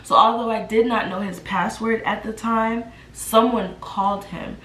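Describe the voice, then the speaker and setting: Animated young woman telling a story. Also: fairly high pitch, measured pace, a little hiss or hum. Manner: animated, acts out the quotes. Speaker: vlogger. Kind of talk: casual storytime. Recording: roomy echo.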